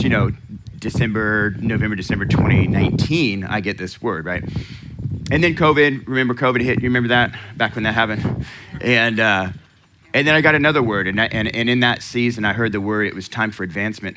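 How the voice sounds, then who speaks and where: A man's voice: on the low side, a little fast, background noise. A man preaching a sermon in a conversational way, asking the congregation questions and laughing often. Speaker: pastor.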